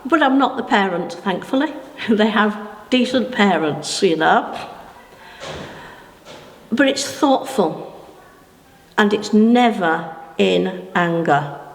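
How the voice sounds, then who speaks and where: An older woman, giving a sermon in a slow, chatty, folksy way with asides to her listeners. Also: medium pitch, lively intonation. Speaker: preacher. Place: church hall. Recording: echoey hall with long reverb.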